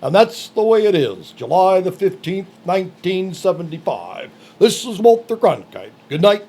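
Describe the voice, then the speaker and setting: A man's voice: sits high, sing-song, moderate pace, darkish tone, breathy edge, pitched below the performer's own voice, full character voice. A man putting on a solemn evening news anchor signing off.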